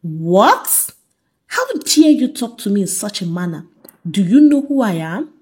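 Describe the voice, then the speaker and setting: A woman's voice: on the high side, big pitch swings, takes it slowly, a little mellow. A woman voicing an indignant, haughty young woman.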